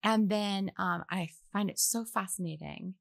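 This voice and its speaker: Young adult woman guest, animated storyteller, gravelly low voice, dry studio sound. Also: measured pace, no echo. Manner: animated, acts out quoted voices. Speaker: guest, actress. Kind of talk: casual faith conversation.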